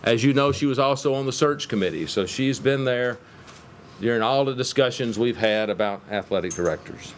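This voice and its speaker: A middle-aged man serving as university chancellor who gives a measured, formal introduction at a press conference, with touches of light humor. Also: mid-range voice, a little hiss or hum.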